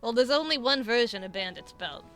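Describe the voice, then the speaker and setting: A woman's voice: on the high side, animated, brisk, fairly bright tone, soft background music. A young adult woman hosting a stream, chatting casually, rambling with lots of restarts, swearing and laughing often. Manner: rambling, self-interrupting, swears and laughs a lot. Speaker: streamer host. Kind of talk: casual chat.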